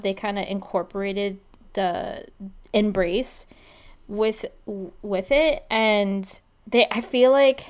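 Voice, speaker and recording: A woman co-hosting an anime podcast, talking casually with hesitant, halting sentences. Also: medium pitch, clear, resonant tone. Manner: hesitant, halting, laughs along. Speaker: podcast co-host. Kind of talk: casual review chat.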